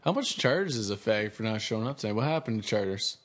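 A man's voice: lowish voice, expressive, fast talker. A young man in casual chat, blunt and swearing a lot.

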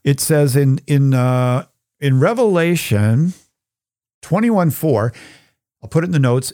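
A middle-aged man hosting a faith podcast, reflecting on Bible verses in an earnest, conversational way and reading Scripture slowly. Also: on the high side, animated, no echo, clean studio sound. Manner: gets choked up and soft when sharing personal grief. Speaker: podcast host. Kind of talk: reflective Bible teaching talk.

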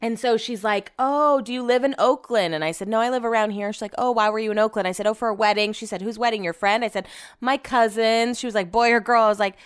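A woman's voice: fairly high pitch, fast talker, clear, resonant tone. A woman, telling a story casually, saying "like" constantly and swearing freely. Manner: chatty, heavy use of "like", swears freely.

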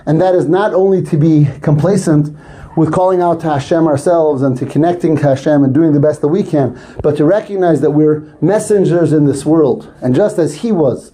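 A man delivering a sermon in a high, soft, mellow voice. He tells stories earnestly and pushes his pitch up on the words he wants to stress. The tone is warm and unhurried. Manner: earnest storytelling, rising emphasis on key words. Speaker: rabbi.

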